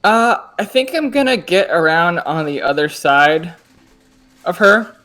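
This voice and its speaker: A tabletop game player reads out rules and plans moves in a casual way. The speech is hesitant and broken by many "uh" pauses. The voice sits at a middle pitch. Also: lively intonation, bright, forceful tone.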